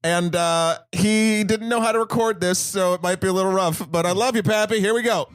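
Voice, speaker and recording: A man's voice: high-pitched, brisk, smooth, faint music behind. A man co-hosting a movie podcast, joking and self-deprecating in casual chat. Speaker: podcast co-host.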